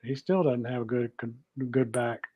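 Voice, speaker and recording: A man's voice: medium pitch, moderate pace. Folksy man with muffled lo-fi sound. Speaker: cooking show co-host. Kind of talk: casual live-stream chat.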